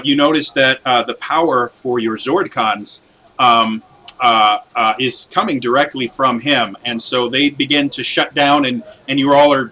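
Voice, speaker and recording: Bright-voiced man running a tabletop game. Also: medium pitch, low-quality recording. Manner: rambling, full of fillers and restarts. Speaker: game master.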